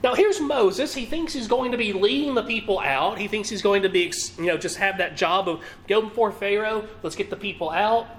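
A man's voice: sits high, moderate pace, few pauses, slight background noise. A man preaching a sermon, walking through a scripture passage, asking the listeners questions and acting out what the characters say. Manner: animated, rhetorical questions, acts out quotes. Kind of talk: sermon teaching.

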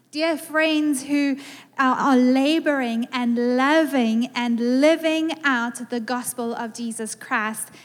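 A woman with a South African accent, a guest preacher giving a conversational, playful sermon to a congregation in a church. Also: high voice. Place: church sanctuary. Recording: reverberant church hall.

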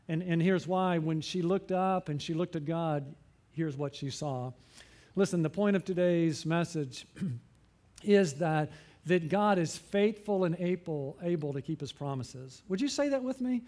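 A man with a notably high-pitched voice delivers a chatty sermon to his congregation. He keeps turning to the listeners with little questions and pokes fun at himself, sounding middle-aged and relaxed. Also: measured pace. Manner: conversational, asks the congregation many questions; self-deprecating humor. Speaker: pastor.

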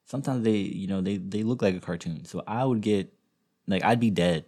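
Deep gravelly man, husky and rambling. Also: fairly quick, a little mellow. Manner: rambling, self-interrupting storyteller with frequent restarts. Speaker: podcast host. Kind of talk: casual podcast chat.

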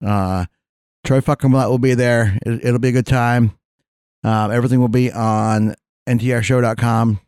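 A man's voice: mid-range voice, fairly even intonation, normal speed, darkish tone, clean tone, no room sound, clean studio sound. A man co-hosting a podcast in casual, profane banter, laid-back and stammering through restarts. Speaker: podcast co-host.

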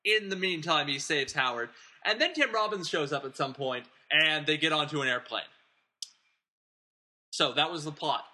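A man's voice: on the high side, animated, moderate pace, bright, forceful tone. A man hosting a podcast, casually recapping a film plot in a rambling, digressive way and chuckling as he talks. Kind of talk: casual chat.

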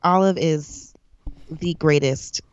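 A woman co-hosting a casual chat show, relaxed, slangy and upbeat. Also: deep voice, slow pace, clear, resonant tone, dry recording. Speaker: co-host. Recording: dull lo-fi dry sound.

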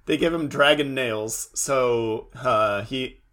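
A man's voice: mid-range voice, takes it slowly, a bit bright. A young man co-hosting a podcast, recapping a show with dry, sarcastic quips. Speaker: podcast co-host. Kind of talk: casual chat recapping a show.

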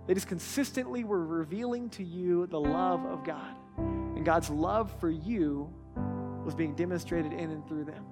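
A pastor preaching a sermon in a conversational way, with restarts and asides, who repeats key words for emphasis. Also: mid-range voice.

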